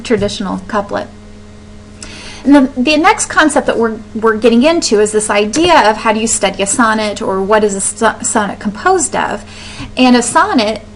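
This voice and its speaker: A woman's voice: on the high side, slight background noise, poor audio. A woman teaching a recorded lecture over slides, explaining step by step, often asking a question and then answering it herself, with frequent ums and restarts.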